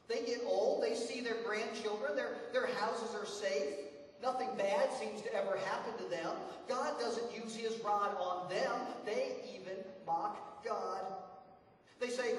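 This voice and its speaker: Male actor as an anguished, stammering sufferer; high voice, distant in a reverberant church hall. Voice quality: halting, stammering restarts. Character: suffering man pleading innocence, anguished. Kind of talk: amateur stage acting. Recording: echoey hall, far from mic.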